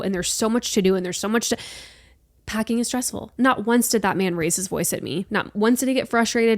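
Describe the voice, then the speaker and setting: A young woman hosts her own podcast, speaking bluntly and with emphasis, swearing freely as she makes her points. Her voice sits at an ordinary middle pitch, and the recording is dry and close, with no room sound. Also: dry recording. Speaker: podcast host. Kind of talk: solo podcast monologue.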